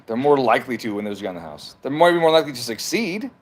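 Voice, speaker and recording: A fast-talking man with a mid-range, sing-song voice hosts a stream from his home. Reading chat aloud, he talks back to commenters with plenty of profanity in a heated, casual rant.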